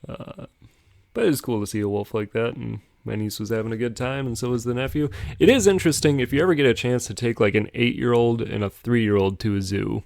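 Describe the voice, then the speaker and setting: A man's voice: mid-range voice, brisk, creaky, darkish tone, no echo, studio quality. A young man casually telling a rambling story on a podcast, chuckling as he goes. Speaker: podcast host.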